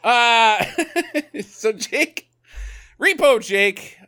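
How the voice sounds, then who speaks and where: A young man co-hosting a podcast, joking loudly about a bad movie, laughing often and swearing freely. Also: very high voice, lively intonation, drawn-out words, clear, resonant tone. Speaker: podcast co-host. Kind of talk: casual bad-movie commentary.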